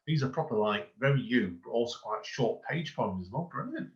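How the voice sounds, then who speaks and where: A man's voice: mid-range voice, lively intonation, a little fast. A man hosting a podcast, chatting casually and heaping rambling praise on his guest, often restarting his sentences. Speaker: podcast host. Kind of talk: casual interview chat. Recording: dull lo-fi recording.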